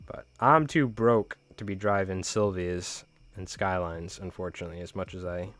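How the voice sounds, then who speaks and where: A man's voice: sits low, fairly even intonation, normal speed, a bit bright. A man hosting a live fly tying stream, chatting casually in slang with viewers while he ties.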